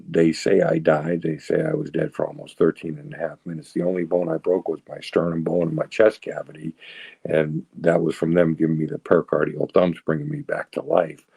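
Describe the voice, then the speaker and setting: A very low, gravelly man tells his recovery story in a rambling, conversational way. His husky voice sounds dark and dry, close to the mic with no room around it. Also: no echo. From south of Boston, Massachusetts. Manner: rambling, tags lines with "right?" and "you know". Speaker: recovery speaker.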